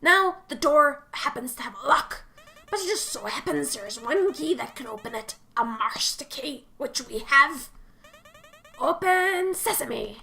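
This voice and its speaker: A woman's voice: sits high, lively intonation, measured pace, vocal fry, pushed and bright, pitched below the performer's own voice, heavily acted. A woman voicing a scheming middle-aged male cruise host with a put-on Scottish accent, grand and theatrical.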